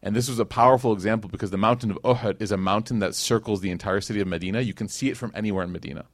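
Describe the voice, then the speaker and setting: Racing through his words, a Chicago-born Islamic teacher delivers an informal sermon of anecdotes, slang, and performed quotations. His voice is lowish, captured dry at studio quality.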